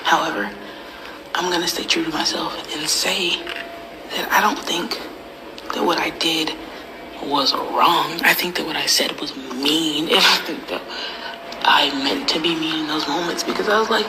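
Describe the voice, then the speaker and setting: A young woman ranting casually and profanely, often dropping into a half-whisper, with loud mocking outbursts. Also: sits low, moderate pace, very noisy. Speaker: comedian and internet personality. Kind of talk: casual confessional rant.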